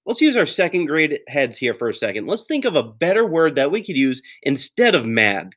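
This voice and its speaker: A man's voice: mid-range voice, fairly bright tone. Male teacher, young adult, cheerful recorded lesson for second graders. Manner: upbeat, encouraging, with playful exclamations.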